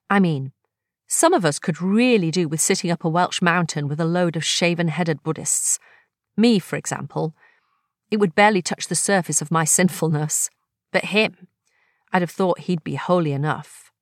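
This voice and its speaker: Brief: woman voicing a wistful grown woman, bright lilting delivery, unhurried, close dry sound. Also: fairly low pitch, lively intonation, no room sound.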